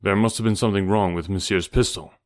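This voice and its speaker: A man voicing a calm, noble jungle-raised gentleman in an audiobook, speaking in a grave, measured, courteous way. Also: low voice, lightly acted. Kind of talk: audiobook character reading.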